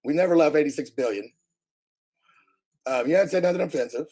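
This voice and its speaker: A man from the United States ranting bluntly at his live chat, his voice hoarse and damaged after covid, talking loudly so he can be heard and swearing freely. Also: a little high, fast talker, rough recording. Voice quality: husky, strained. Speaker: livestreamer answering chat. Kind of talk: casual live-stream rant.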